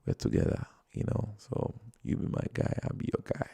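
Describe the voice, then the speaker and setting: A man's voice: normal speed, warm tone. A man from Nigeria with a Nigerian accent, chatting casually and rambling as he reacts to videos on a livestream from his phone. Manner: rambling, chatty, many fillers and chuckles.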